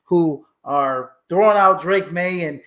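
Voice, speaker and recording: A man co-hosting a casual sports podcast, speaking in a noticeably high voice. He is animated and blunt, throwing in mild curses and laughing at his own slip-ups. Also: slow. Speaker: co-host giving fantasy football rankings.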